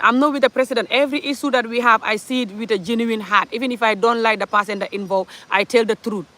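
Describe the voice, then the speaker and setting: A woman's voice: on the high side, fairly bright tone. A woman from Gambia, passionately ranting in an opinionated social commentary monologue, full of rhetorical questions. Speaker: commentary vlogger.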